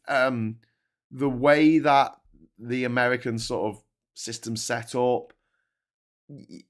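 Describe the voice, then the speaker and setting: A British man hosting a live stream, chatting casually and rambling, with lots of restarts and asides. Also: medium pitch. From Britain. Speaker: host of a live stream show.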